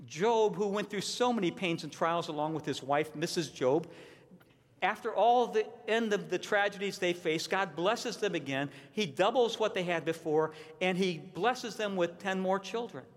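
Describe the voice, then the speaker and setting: A man's voice: sits high, moderate pace. A man preaching a sermon as a pastor, earnest and emphatic, repeating his key points. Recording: long reverb of a large hall.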